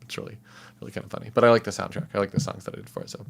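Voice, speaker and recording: A man's voice: fairly low pitch, very fast, gravelly, fairly bright tone. A man livestreaming as a composer, talking casually and rambling with many fillers and chuckles.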